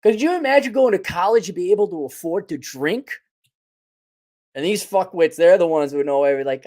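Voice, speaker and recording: A man's voice: high-pitched, fairly quick, darkish tone. A middle-aged man hosts a podcast in a casual ranting monologue. He talks bluntly and sarcastically, with plenty of profanity. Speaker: podcast host.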